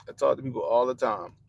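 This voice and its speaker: A young man hosting a livestream, ranting bluntly and profanely about politics to his chat in animated slang. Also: medium pitch, vocal fry, dry recording, dull audio. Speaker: livestream host.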